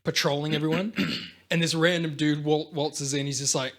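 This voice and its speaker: A man's voice: on the high side, steady tone, moderate pace, a bit bright. A man co-hosting a podcast, telling a rambling story in casual chat and swearing freely. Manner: rambling storyteller, swears freely, acts out quotes in big voices. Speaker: podcast co-host.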